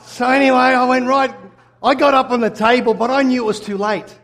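High voiced guy preaching, tells his story animated, acts out what he said. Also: fairly quick. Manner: animated storytelling, acting out his own replies. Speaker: pastor. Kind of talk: sermon with personal story.

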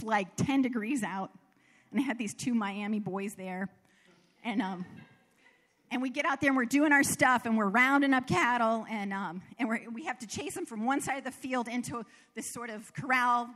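Woman preaching, high voice, earnest storytelling w/ little laughs, long echo in a big hall. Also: a bit bright. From American South. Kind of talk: sermon with personal stories.

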